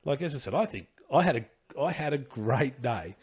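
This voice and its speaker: A man's voice: medium pitch, lively intonation, moderate pace, a little mellow, slightly rough. A middle-aged Australian man telling a rambling, slangy story as a podcast guest, chuckling as he goes. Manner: rambling, chuckling, loose slangy delivery with restarts. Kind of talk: casual anecdotal storytelling.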